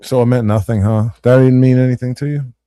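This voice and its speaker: A man's voice: medium pitch, a little fast, clean tone, dry recording. A young man, telling school stories in casual, slangy chat as a podcast host and acting out what others said. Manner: animated, slangy, acts out quotes.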